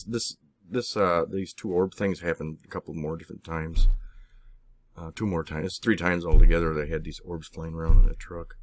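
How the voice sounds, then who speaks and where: A man being interviewed, telling a personal story in a halting, rambling way with many restarts and some swearing. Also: deep voice. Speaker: interviewee recounting personal experiences. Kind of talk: casual spoken storytelling.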